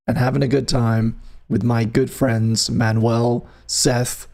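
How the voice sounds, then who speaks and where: Uk guy hosting a music stream, gravelly voice, rambling and teasing the chat. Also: medium pitch, flat delivery, takes it slowly, a little mellow. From United Kingdom. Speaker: live-stream music show host. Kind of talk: casual live-stream chat.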